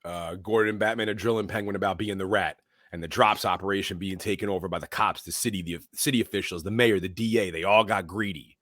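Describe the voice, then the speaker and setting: A man co-hosting a podcast, casually recapping a film scene by scene and acting out the characters' lines in quick put-on voices. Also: sits low, steady tone, fairly bright tone, no echo, clean studio sound. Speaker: podcast co-host. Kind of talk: casual movie recap chat.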